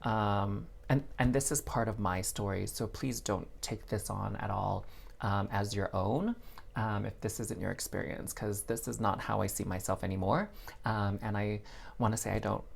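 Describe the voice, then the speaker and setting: A man's voice: fairly low pitch, normal speed, vocal fry. A man giving a casual, chatty tarot reading, talking straight to his listeners like friends. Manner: chatty and expressive, addresses listeners as girl and y'all. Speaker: tarot reader.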